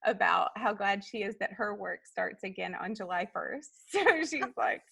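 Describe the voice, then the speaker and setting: A woman's voice: medium pitch, normal speed, vocal fry, fairly bright tone, breathy edge, no room sound, rough recording. A woman in her thirties, a guest in a casual interview, telling stories in a chatty way with lots of fillers. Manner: chatty storyteller, many fillers, acts out quotes. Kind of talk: casual chat.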